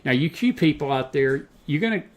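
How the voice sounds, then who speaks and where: Male talk host, fairly high voice, fiery preachy monologue, drags words out for emphasis. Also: animated. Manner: impassioned, preachy, slows down to hammer points. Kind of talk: late-night talk radio monologue.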